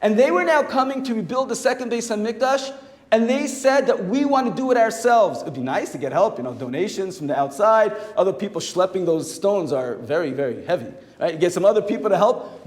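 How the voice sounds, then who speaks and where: A man, a rabbi, teaching a Torah class in a lively, animated way and acting out the quoted voices. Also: high-pitched, a little fast. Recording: echoey hall with long reverb.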